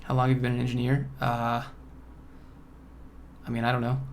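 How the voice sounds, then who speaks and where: A man from Georgia hosting a casual livestream Q&A from home, relaxed and offhand as he reads and answers chat questions. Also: medium pitch, normal speed, a little hiss or hum. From Georgia, USA. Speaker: coding YouTuber host.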